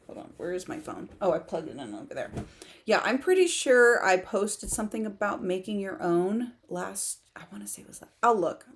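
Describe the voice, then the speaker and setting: A chatty woman hosts a relaxed livestream from her country home, laughing easily between thoughts. She reads viewer comments aloud and talks into a home computer mic. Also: medium pitch, moderate pace. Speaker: livestream host for writers. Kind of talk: casual livestream chat.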